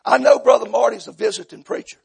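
Gravelly, high-voiced preacher. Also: male voice, fast. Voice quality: gravelly, husky. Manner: folksy storytelling, acts out voices, builds to loud shouts. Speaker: pastor. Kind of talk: sermon with humorous stories.

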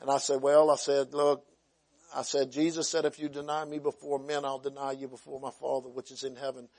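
A man preaching, telling revival stories in a folksy way, rising loud then dropping to a hush. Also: medium pitch, level tone, a little fast. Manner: folksy, swings from loud preaching to hushed quiet. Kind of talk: sermon testimony storytelling.

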